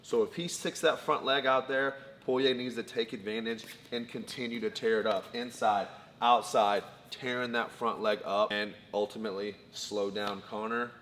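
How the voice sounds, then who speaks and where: Homem de voz grave em sala com eco. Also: male voice, on the low side, fairly even intonation, normal speed, few pauses, a bit bright. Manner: methodical, lists points in order. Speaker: co-host, fight analyst. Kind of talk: casual fight breakdown. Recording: long reverb, faint background noise.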